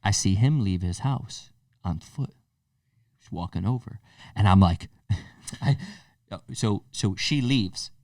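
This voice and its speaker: A young man co-hosting a casual podcast, animated and profane as he acts out the people in his stories. He sits a little away from the mic in a dry, dead room. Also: on the low side, slow, pauses often, dry recording, distant mic. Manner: animated, swears freely, acts out quotes. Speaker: podcast co-host. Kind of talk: casual storytelling chat.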